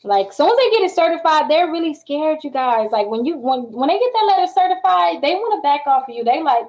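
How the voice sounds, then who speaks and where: Woman, high voice, chatty, animated, casual live-stream coaching. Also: a little fast, hardly any pauses, rough recording. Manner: chatty, animated, addresses viewers as y'all. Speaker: credit repair coach.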